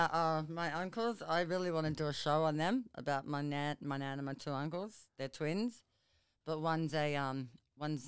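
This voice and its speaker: A woman's voice: low-pitched, clear, resonant tone, no room sound, studio quality. An Australian woman from the Brisbane area, a podcast guest telling crude stories in casual chat and laughing often. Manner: laughing storyteller, crude humour.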